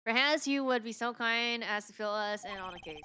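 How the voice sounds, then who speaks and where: A woman's voice: on the high side, moderate pace, sharp tone, a little hiss or hum. Woman doing a mild, formal old judge. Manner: formal, polite. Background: game music.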